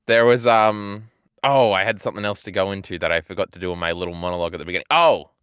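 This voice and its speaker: A man's voice: low-pitched, quick pace, a bit bright, clear, resonant tone, no echo, studio quality. A man co-hosting a casual movie chat, heaping playful mock-grand praise and teasing his friend, with some swearing. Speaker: podcast co-host.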